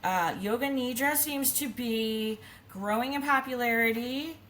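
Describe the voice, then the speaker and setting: A woman in her thirties hosting a podcast, chatty and quick to laugh in a casual conversation. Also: a little high, a bit bright, slight background noise. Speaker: podcast host. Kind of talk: casual chat.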